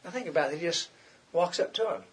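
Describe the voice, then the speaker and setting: A man's voice: on the high side, expressive, fast talker. A middle-aged man preaching a conversational sermon, repeating himself and acting out quoted complaints.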